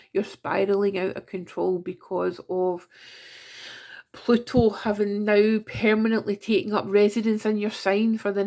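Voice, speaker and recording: A woman's voice: mid-range voice, a little mellow. A Scottish woman giving a casual monthly tarot reading, chatty and self-mocking with giggly asides. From Scotland. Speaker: tarot reader.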